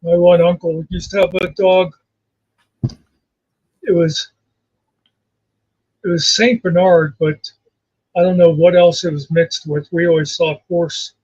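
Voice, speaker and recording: Husky high-voiced man, dull dry sound. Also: little pitch movement, a little slow, long pauses, darkish tone, no echo. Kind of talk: casual chat.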